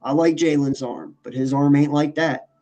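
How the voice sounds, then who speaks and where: A man's voice: a little high, steady tone, normal speed, warm tone. A man talking sports casually as a podcast co-host, emphatic and profane, often restarting his sentences.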